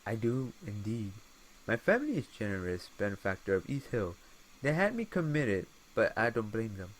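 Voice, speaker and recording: A man's voice: fairly low pitch, big pitch swings, normal speed, slight background noise, poor audio. A man putting on a dreamy asylum artist, attempted British accent. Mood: musing. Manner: musing, dreamy, softly intense. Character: eccentric male artist patient in an asylum.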